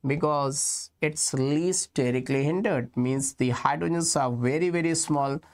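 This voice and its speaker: A man with an Indian English accent teaching a chemistry lecture, explaining slowly and repeating key points while calling his students kids. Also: a little high. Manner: slow, repetitive explaining, addressing students as kids. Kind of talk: exam-prep lecture.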